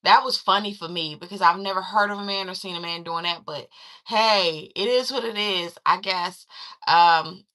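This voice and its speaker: A woman chatting through a casual movie recap, acting out quoted lines in a lively, conversational way. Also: lowish voice, normal speed. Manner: chatty, animated retelling with quoted voices. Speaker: film reviewer.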